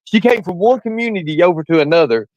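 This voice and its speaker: A high-pitched man rants over a remote call, his voice swinging widely up and down. He talks bluntly and defensively, swears freely and hammers points home by repeating them. The sound is dry and close. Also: expressive, quick pace, darkish tone, no echo, lo-fi sound. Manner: blunt, profane, defensive, repeats himself for emphasis. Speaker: guest caller on a live stream. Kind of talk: ranting casual chat.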